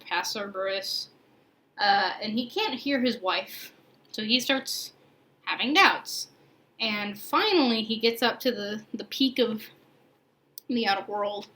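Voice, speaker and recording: A woman's voice: mid-range voice, unhurried, pushed and bright, poor audio. A young woman hosting a podcast, retelling a myth in a chatty, playful way with slang and laughs. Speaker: podcast host. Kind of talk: casual mythology storytelling.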